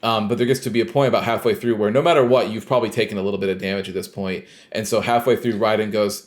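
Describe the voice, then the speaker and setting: A man's voice: fairly low pitch, steady tone, rapid-fire, hardly any pauses. A man co-hosting a podcast, casually retelling a video game scene with lots of fillers and quoted lines. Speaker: podcast co-host. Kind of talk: casual chat recapping a game.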